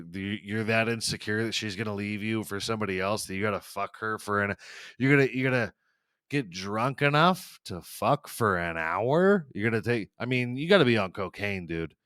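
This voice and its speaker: A man's voice: lowish voice, lively intonation, normal speed, a bit bright, no echo, clean studio sound. A man hosting a podcast, delivering a rambling, profane, sarcastic comedic rant. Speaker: podcast host. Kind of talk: comedic ranting monologue.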